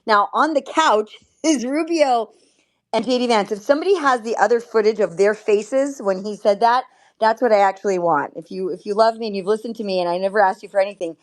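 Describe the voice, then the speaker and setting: A woman hosting a casual political commentary stream, talking in an excitable, emphatic way with frequent exclamations. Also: mid-range voice, fairly quick. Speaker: host.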